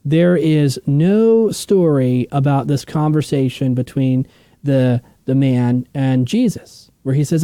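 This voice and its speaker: Mellow-voiced man teaching Bible study. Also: on the high side, animated, a little slow, no room sound. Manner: emphatic, conversational, often checks in with "okay?". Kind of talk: casual teaching lecture.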